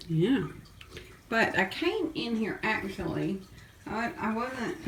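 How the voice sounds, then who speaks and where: A woman's voice: on the high side, a little hiss or hum, low-quality recording. A woman chatting casually as she films kittens in a foster room, often cooing and baby-talking to them. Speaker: cat fosterer filming a vlog. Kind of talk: casual vlog chat. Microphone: handheld camera.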